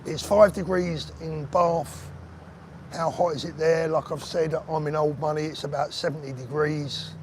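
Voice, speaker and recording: A chatty man with a slightly high voice, talking casually into a phone as he walks outside. Faint street sounds and passing cars sit behind him, and he keeps up a relaxed, bantering chat with viewers. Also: moderate pace, a little hiss or hum. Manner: chatty, banter-filled, answers viewers by name. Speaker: vlogger host reading live chat. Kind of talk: casual live-stream chat while walking. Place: outdoors on a street.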